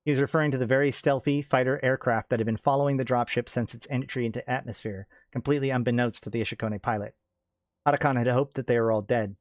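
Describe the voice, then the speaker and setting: A man's voice: mid-range voice, no echo. Dry-sounding man reading sci-fi aloud. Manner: steady reading with occasional self-corrections. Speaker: narrator.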